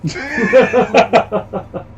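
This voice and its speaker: A man hosting a livestream show, chatting casually and rambling between jokes with a quick laugh. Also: very high voice, expressive, a little hiss or hum. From Canada. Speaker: show host. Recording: slightly dull lo-fi stream audio.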